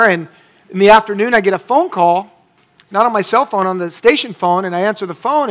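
A man of about fifty, preaching a sermon in a folksy, animated storytelling way. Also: high voice. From Tennessee. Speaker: pastor.

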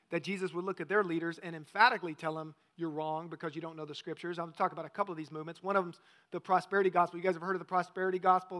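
A man's voice: high voice, fairly bright tone. A male pastor preaching a conversational sermon, often asking the congregation questions.

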